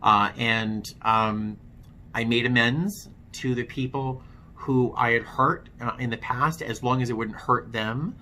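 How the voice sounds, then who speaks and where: A man's voice: medium pitch, steady tone, a little slow, sharp tone, slight background noise. A man vlogging his own recovery story, frank and self-deprecating, talking loosely with plenty of fillers. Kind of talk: candid personal storytelling to camera.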